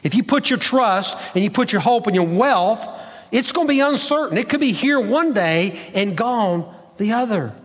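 High, lively-voiced preaching pastor. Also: male voice, normal speed, in a large hall. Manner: emphatic, repetitive preaching cadence. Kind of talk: sermon.

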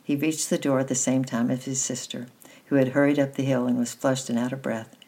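A woman reading a children's novel aloud in a steady, gentle storytelling manner, with a husky voice. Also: very deep voice, brisk. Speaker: reader.

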